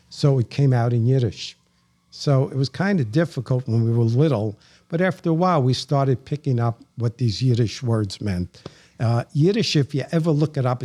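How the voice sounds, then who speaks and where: A man with a New York accent and a warm, mellow tone. He tells stories at a leisurely, chatty pace and slips in dry, wry jokes. He sits mid-range in pitch, relaxed and unhurried as a guest in a casual interview. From New York, Bronx.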